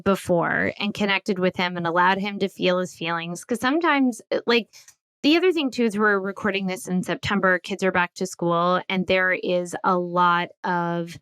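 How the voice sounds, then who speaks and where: A woman's voice: lowish voice, fairly even intonation, normal speed, a bit bright, smooth, dry recording. A woman guesting on a podcast as a sleep consultant, giving reassuring advice in casual chat.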